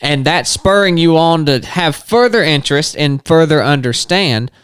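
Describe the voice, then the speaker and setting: A man's voice: on the high side, animated, moderate pace, a bit bright, clean tone, no echo. A man in a casual faith discussion, thinking aloud and quoting scripture as he reasons.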